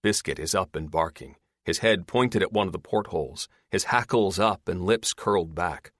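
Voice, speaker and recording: In a low voice, a man narrates an audiobook with a steady, measured scripted reading. It's recorded at studio quality, free of any room sound.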